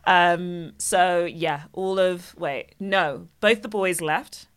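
A woman's voice: fairly low pitch, takes it slowly, clean tone. A woman comedian telling stories in casual podcast chat, laughing often. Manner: playful storytelling, laughs often. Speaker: guest comedian.

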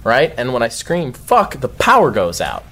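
A young man telling a story in casual talk, animated, swearing often and shouting his own outbursts. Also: mid-range voice, brisk. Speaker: guest storyteller.

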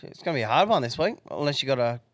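A man's voice: mid-range voice, lively intonation, rapid-fire, no room sound, clean studio sound. A man co-hosting a podcast, telling blunt, crude stories in casual banter. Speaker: podcast co-host.

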